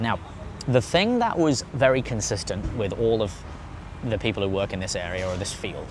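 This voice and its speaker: A man rambles quickly through a casual podcast chat, drifting onto tangents and swearing freely. His voice sits a little low. Clear traffic noise hums behind him. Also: lively intonation. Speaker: podcast guest. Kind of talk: casual conversation.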